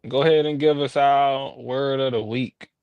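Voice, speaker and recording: A man's voice: mid-range voice, fairly even intonation, moderate pace, smooth, dull audio. A man co-hosting a casual podcast, playfully teasing and egging his partner on. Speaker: podcast co-host.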